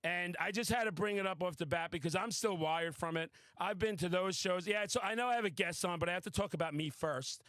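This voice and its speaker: A man hosting a podcast, telling a wild story in a casual, excitable, boastful way and swearing freely. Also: sits high, a little fast, hardly any pauses, no room sound. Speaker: podcast host. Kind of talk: casual chat.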